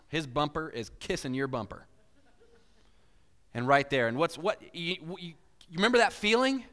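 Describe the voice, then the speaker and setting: A man preaching a sermon, telling stories in an animated way and acting out inner voices with big swings. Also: medium pitch, unhurried. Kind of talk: sermon with storytelling. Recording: hall reverb.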